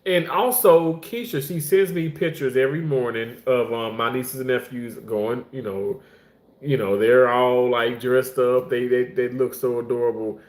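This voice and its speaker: A middle-aged man hosting a casual livestream, chatting while he cooks. He reads viewer comments, rambles, and thanks people effusively, often jumping up high to greet them. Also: steady tone, moderate pace. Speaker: livestream host. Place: indoor room, talking while cooking. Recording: roomy echo.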